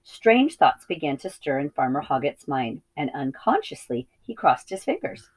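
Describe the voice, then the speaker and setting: A woman with a low voice reads a children's novel aloud, teacher-style, at a steady pace. She now and then stumbles on a word and corrects herself. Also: moderate pace, low-quality recording. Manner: steady reading with small slips and self-corrections. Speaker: reading teacher. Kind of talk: storybook read-aloud.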